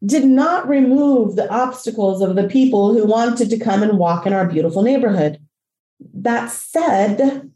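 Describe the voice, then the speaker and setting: A woman host telling a personal story in a dramatic, profane way, acting out the voices and shouts in what she tells. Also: mid-range voice, reverberant. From Latina. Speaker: podcast host.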